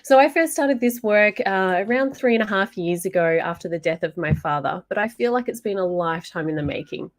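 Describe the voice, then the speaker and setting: A woman's voice: mid-range voice, lively intonation, fairly quick, hardly any pauses, dry recording, studio quality. Earnest Australian woman giving a talk. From Brisbane, Australia. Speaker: guest speaker, hypnotherapist. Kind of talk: prepared talk. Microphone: video call.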